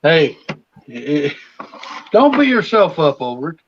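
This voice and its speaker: A man's voice: a little high, sing-song, slow pace. A man co-hosting a casual livestream, reassuring his friend and laughing often. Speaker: co-host. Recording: dull lo-fi sound.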